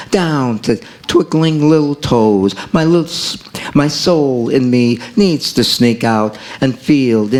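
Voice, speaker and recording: A man reading his own poems at a café open mic, in a rhythmic way that repeats lines and stretches key phrases. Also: medium pitch. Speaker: poet.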